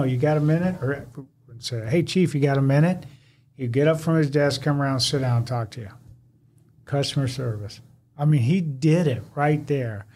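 A man who was a fire captain, telling a workplace story in a casual podcast chat and acting out the voices of the people in it. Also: mid-range voice. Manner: animated storyteller who acts out quoted dialogue.

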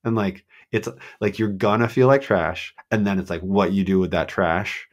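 A man on a podcast telling running stories in a casual, animated way, acting out quotes with lots of fillers. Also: sits low, normal speed. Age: adult with a child. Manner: animated storyteller, acts out quotes, many fillers. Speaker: guest marathon runner.

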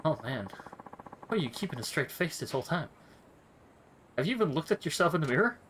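A man's voice: a little high, big pitch swings, a little fast, fairly bright tone, slight background noise, pitched above the performer's own voice. A man reading a sarcastic, exasperated fighter. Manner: sarcastic, incredulous. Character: blunt, exasperated male fighter.

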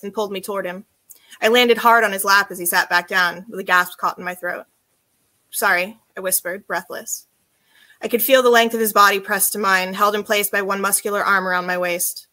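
A woman author reading from her own novel in an even, intimate storytelling voice with a soft, low delivery.

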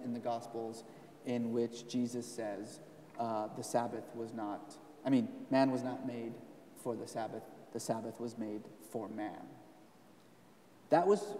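A man's voice: medium pitch, dark tone. A lecturing man in an echoey hall. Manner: explanatory, lecturing with emphatic stresses. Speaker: author and scholar of religions. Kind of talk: live onstage conversation. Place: event stage in a hall. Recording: roomy hall, voice from a distance.

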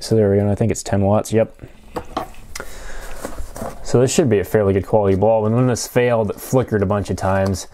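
A man casually narrating an electronics teardown, thinking aloud with frequent fillers and pauses. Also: lowish voice, warm tone. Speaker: electronics hobbyist vlogger.

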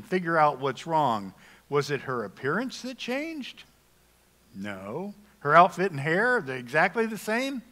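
Middle-aged male pastor, folksy and wry, slightly high voice, long church reverb. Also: fairly bright tone. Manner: folksy, humorous, conversational preaching. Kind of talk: sermon. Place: church sanctuary.

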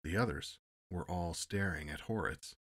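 A man narrating a classic science fiction story in a measured, even audiobook reading. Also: low-pitched, breathy edge.

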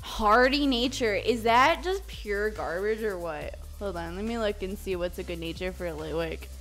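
A woman's voice: mid-range voice, moderate pace, a bit bright, soft background music. A woman live streaming a game, chatting casually with her viewers, giggly and swearing freely. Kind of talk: casual live-stream chat while gaming.

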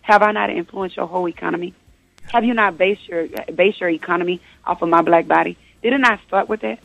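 A woman's voice: on the low side, a little fast, creaky, fairly bright tone, no room sound. A young woman speaking as a guest on a radio interview, impassioned and fond of rhetorical questions. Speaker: guest author. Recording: dull lo-fi radio audio.

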